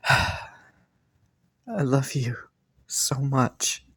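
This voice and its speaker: Killua, a man voicing a slow-spoken tender boyfriend. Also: fairly high pitch, expressive. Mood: tender teasing. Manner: soft, sighing, breathy little laughs. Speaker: voice actor. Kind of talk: romantic listener role-play audio.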